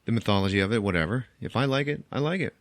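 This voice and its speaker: A man with a fairly low voice talks very fast on a close microphone while hosting a podcast. He recaps a film plot in casual, chatty, profane fashion, laughing at his own jokes.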